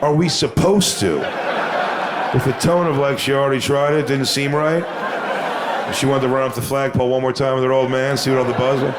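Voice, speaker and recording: Crude deadpan stand-up comedian, a man. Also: medium pitch, normal speed, heavy background noise. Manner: crude, deadpan storytelling with mocking voice impressions. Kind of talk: stand-up set.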